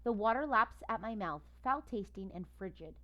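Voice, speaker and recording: A woman reads a children's storybook aloud in the first person. Her narration is lively and expressive, with a middle-pitched voice. She carries the story with plain warmth of delivery. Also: moderate pace. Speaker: audiobook reader.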